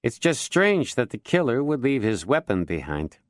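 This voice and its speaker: A man's voice: mid-range voice, sing-song, moderate pace, dry recording, studio quality, voice pushed up, lightly acted. A male narrator voicing a short-tempered, blunt crime-scene technician. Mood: tense.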